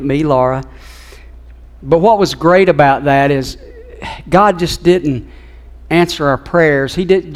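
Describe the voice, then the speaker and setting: A middle-aged man preaching from the pulpit, his somewhat high voice carrying an earnest, heartfelt storytelling tone. He moves through a family story toward a point of faith. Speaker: pastor. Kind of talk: sermon. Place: church sanctuary.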